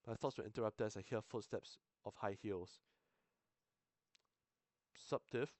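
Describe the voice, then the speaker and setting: A man's voice: on the low side, fairly even intonation, darkish tone, no echo. A young man reading a visual novel aloud on stream, swearing, stumbling and restarting lines. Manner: sweary, halting, self-interrupting. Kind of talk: casual game reading with asides.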